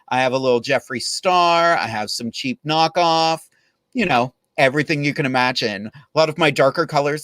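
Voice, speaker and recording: A man's voice: mid-range voice, fairly bright tone, no echo. A man hosting a podcast as a drag performer, chatting casually and joking with frequent laughs. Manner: jokey and chatty, laughs at own jokes.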